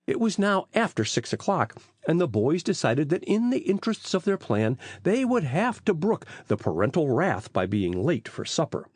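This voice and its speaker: A man narrating an audiobook in a lively, expressive reading style on a close mic. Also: on the high side, normal speed, breathy edge, dry recording. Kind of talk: storybook narration.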